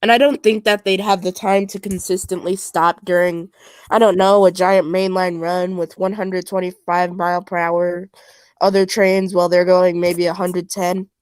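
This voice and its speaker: A woman's voice: fairly low pitch, flat delivery, normal speed, a little mellow, clean tone, no echo. A woman in casual stream chat, rambling with lots of fillers. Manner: rambling, filler-heavy, nerdy train talk. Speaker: stream co-host.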